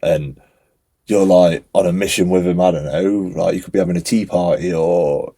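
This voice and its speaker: Young male podcast co-host, husky low voice, animated and rambling. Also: normal speed. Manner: animated storytelling, lots of fillers. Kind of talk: casual chat.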